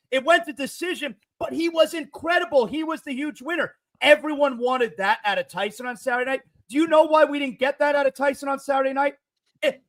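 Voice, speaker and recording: A man's voice: very high voice, a bit bright, low-quality recording. A man in his forties ranting on a sports talk show, emphatic and full of rhetorical questions. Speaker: show panelist.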